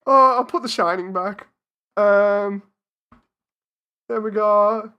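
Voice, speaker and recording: A woman's voice: medium pitch, slow, clean tone, lo-fi sound. A woman streamer in casual live-stream commentary, talking herself through a task and laughing at her own mistakes.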